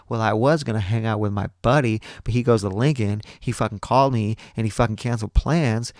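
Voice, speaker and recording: A podcast host in his thirties tells a rambling, profane story, restarting often as he goes. His mid-range voice is brisk, with few pauses, and the studio-quality recording has no echo.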